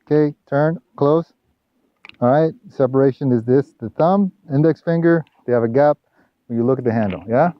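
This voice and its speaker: A man's voice: medium pitch, normal speed, no echo. A man coaching a tennis student on a court, giving direct instructions and constantly checking in with "all right?" and "okay?", sometimes teasing his student. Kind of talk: hands-on coaching session. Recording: dull, lo-fi camera audio.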